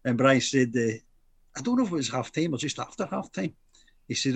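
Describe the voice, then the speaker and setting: A man's voice: medium pitch, lively intonation, fairly quick, creaky, breathy edge, no echo. A Scottish man in his fifties, a former footballer, telling a match story in casual chat, acting out quotes and laughing often.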